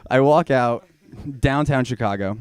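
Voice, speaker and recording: Smooth-voiced young man doing stand-up. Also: a little slow. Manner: rambling, self-mocking storytelling with bursts of loud high-pitched shouting. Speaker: stand-up comedian. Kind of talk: stand-up comedy set. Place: small comedy bar stage.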